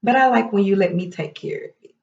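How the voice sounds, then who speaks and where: A woman hosting a casual TV recap, retelling scenes in an animated way, laughing often and quoting the characters in quick asides. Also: medium pitch, creaky. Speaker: recap show host. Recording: roomy, distant, dull sound.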